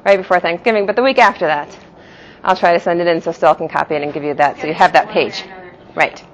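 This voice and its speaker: A woman lecturing a small class, with a slightly low voice. She explains step by step, repeats key words in two pronunciations and laughs lightly now and then. The recording sounds dull and lo-fi, as if made in a classroom. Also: fast talker. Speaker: teacher of a Jewish philosophy class.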